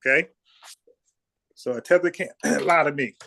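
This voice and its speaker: A man's voice: fairly high pitch, moderate pace, gravelly, sharp tone, a little hiss or hum. A man from South Carolina hosting a livestream, talking bluntly and profanely, repeating words when he gets fired up. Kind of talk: casual heated debate.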